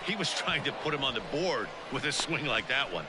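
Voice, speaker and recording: A man voicing a video game's color commentator, giving measured, analytical baseball commentary. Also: mid-range voice, sing-song, background noise, close to an everyday voice.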